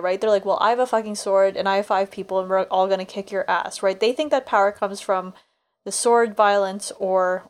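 A young woman co-hosting a book podcast in casual chat, animated and swearing freely. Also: medium pitch. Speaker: podcast co-host.

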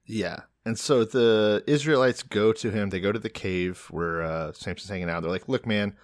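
A man's voice: lowish voice, fairly even intonation, normal speed, no echo, studio quality. A man in casual podcast chat, making sarcastic jokes and asides.

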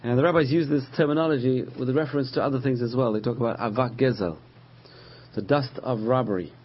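A man teaching a religious lesson, patiently explaining terms, repeating key words and pausing with frequent uh's. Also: medium pitch, slightly rough, highs cut off. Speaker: Torah teacher.

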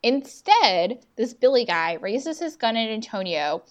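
A woman's voice: a little high, sing-song, unhurried. A young woman co-hosting a podcast, casually recapping TV scenes and acting out the characters' lines. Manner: chatty, recounts scenes with quoted lines. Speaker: podcast co-host.

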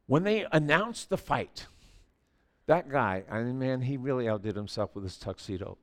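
Animated older male pastor preaching. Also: mid-range voice, moderate pace. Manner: animated storytelling, swinging from quiet to near shouting. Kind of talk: sermon.

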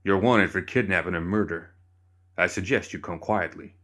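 A man playing a stern, weary posse leader, deep and gruff. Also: moderate pace, a bit bright.

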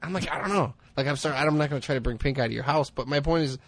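A man co-hosting a podcast, rambling through casual comedic chat, self-mocking and quick to laugh. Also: medium pitch, no room sound. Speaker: podcast co-host.

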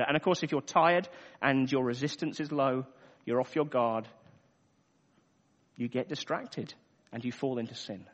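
A man's voice: medium pitch, unhurried, long pauses. A man preaching a sermon earnestly, repeating phrases for emphasis. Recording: echoey hall, dull lo-fi sound.

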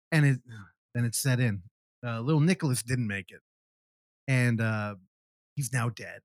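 A man's voice: mid-range voice, lively intonation, a little slow, pauses often, no room sound. A man casually recapping a film on a podcast, animatedly acting out the characters' lines and swearing freely. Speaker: podcast host. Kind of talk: casual movie review chat.

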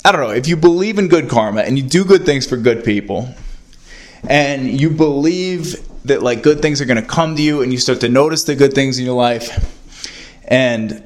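A young man telling a rambling, self-mocking story in casual monologue, swinging from muttered asides to loud outbursts and swearing freely. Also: mid-range voice, expressive, normal speed.

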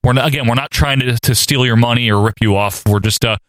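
A man's voice: medium pitch, quick pace, a bit bright, dry recording. A man hosting a podcast, talking in an easygoing, joking way and laughing often. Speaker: podcast host. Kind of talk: casual podcast chat.

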